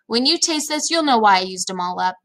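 A woman's voice: on the high side, lively intonation, fairly quick, fairly bright tone. A woman reading aloud, voicing a cheerful father who cooks for his sons with an upbeat, coaxing manner.

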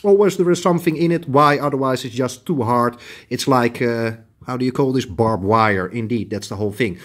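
A man's voice: medium pitch, brisk, a bit bright. A middle-aged man with a Dutch accent, a tailoring shop owner chatting bluntly as he shows fabrics to the camera. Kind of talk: casual product showcase.

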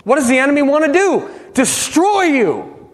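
A man preaching a sermon as pastor, passionate, swinging from loud bursts to hushed pleas. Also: extremely high pitch, sing-song, normal speed, big-room sound. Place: church sanctuary.

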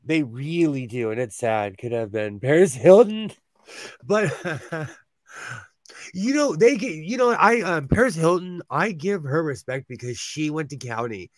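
Gossipy higher-voiced man, dry close sound. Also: measured pace, dry recording. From California. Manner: gossipy, animated storytelling with frequent laughs. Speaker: host. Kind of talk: casual chat.

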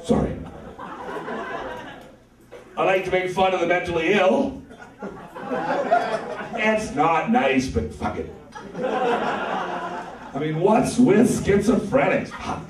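A man doing a stand-up comedy set in a club, with deadpan delivery and crude punchlines. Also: high voice, slow pace, pauses often, a crowd in the background. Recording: live club set from a distance, echoey, audience.

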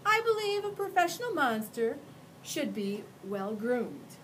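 A woman's voice: fairly high pitch, sing-song, unhurried, fairly bright tone, a little hiss or hum, voice pushed up, low-quality recording. A woman doing a prim, fussy monster gent. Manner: polite, fussy. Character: prim well-groomed male monster.

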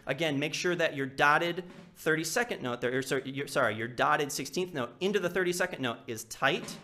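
A man's voice: a little high, brisk, soft background music. A man teaching a percussion etude in a live lesson, counting aloud and singing rhythms with syllables. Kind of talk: live instructional walkthrough. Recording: loud snare drumming behind the voice.

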